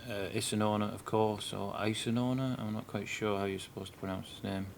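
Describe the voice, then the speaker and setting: A man's voice: lowish voice, monotone, a little fast, vocal fry, a little hiss or hum. A man with a northern English accent giving casual commentary for a game guide, hesitant and a bit nervous, with many ums and uhs. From northern England. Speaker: video game guide maker. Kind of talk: casual first-time commentary.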